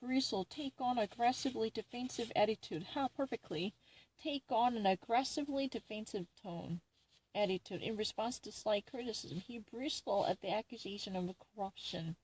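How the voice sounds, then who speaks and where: A woman's voice: on the high side, animated, moderate pace, a little mellow, slightly rough, rough recording. A woman reading dictionary definitions aloud and arguing over them with herself, grumbling and indignant.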